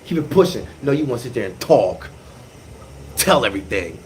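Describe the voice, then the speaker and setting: A man talking in a casual monologue, animated and emphatic, repeating phrases and using slang. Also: medium pitch, a little fast, slight background noise.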